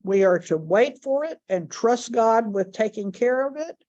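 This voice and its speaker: A woman's voice: a little high, expressive, warm tone. A woman teaches a Bible study class in a slightly raised voice. She takes her time and lingers on the words she wants to stress. The recording sounds dull and muffled. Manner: slow, deliberate, repeats key words for emphasis.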